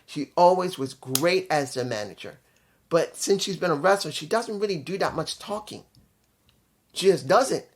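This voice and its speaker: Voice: medium pitch, expressive, moderate pace. A host giving a loose, casual video review, blunt and opinionated, often stumbling over names and correcting themself.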